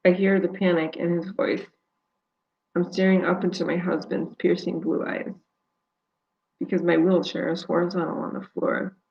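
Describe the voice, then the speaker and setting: Brief: author reading her book live, steady first-person narration, raspy fry. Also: fairly low pitch, normal speed, lo-fi sound.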